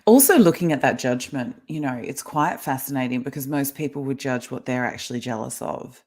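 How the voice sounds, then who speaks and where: A woman's voice: rumbling low, brisk, a little mellow. A middle-aged woman guest explaining ideas in a casual interview over a video call, talkative and laughing often. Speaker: guest, kinesiologist and life coach.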